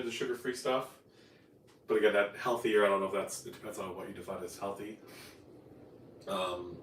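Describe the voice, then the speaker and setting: A man's voice: lowish voice, a bit bright, reverberant, far from the mic, a little hiss or hum, rough recording. Chatty man hosting a kitchen live stream. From Newfoundland, Canada. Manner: rambling, chatty, self-correcting. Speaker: cooking show host. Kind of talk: casual live-stream cooking chat. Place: home kitchen.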